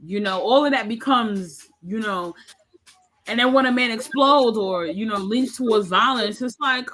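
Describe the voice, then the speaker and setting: A woman's voice: on the high side, a little slow, a little hiss or hum, poor audio. A woman in her thirties, speaking frankly and with animation as a podcast panelist in a candid discussion. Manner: frank and animated, acts out quoted voices.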